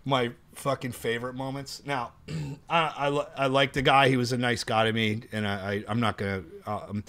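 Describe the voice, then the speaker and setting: A man telling animated, profane tour stories in a casual chat. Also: medium pitch, a little fast. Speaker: guest musician.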